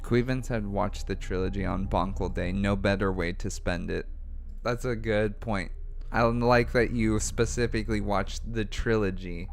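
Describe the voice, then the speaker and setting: A man co-hosting a casual livestream, relaxed, reading out viewer messages with dry humor. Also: fairly low pitch, normal speed, vocal fry, soft background music. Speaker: co-host reading chat.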